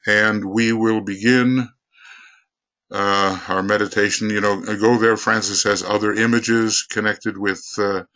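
A man teaching esoteric lore and leading a group meditation, talking quickly and rambling with many fillers. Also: fairly low pitch, flat delivery, pushed and bright, muffled recording. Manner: speaks quickly. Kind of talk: esoteric lecture and guided meditation.

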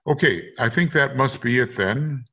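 A man leading a casual discussion, speaking haltingly with many pauses and fillers. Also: mid-range voice, animated, bright, forceful tone, a little hiss or hum. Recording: muffled lo-fi sound.

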